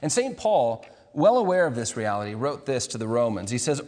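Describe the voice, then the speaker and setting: A man's voice: mid-range voice, big pitch swings, fairly quick, hardly any pauses, darkish tone. A man preaching a sermon as pastor, earnest and emphatic, repeating key words and restarting phrases now and then. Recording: long hall reverb.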